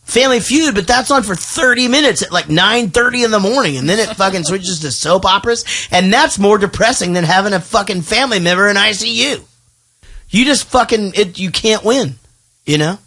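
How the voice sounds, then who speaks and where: A man's voice: sits high, lively intonation, brisk, sharp tone. A man hosting a podcast in casual chat. He rambles and swears freely. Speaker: podcast host.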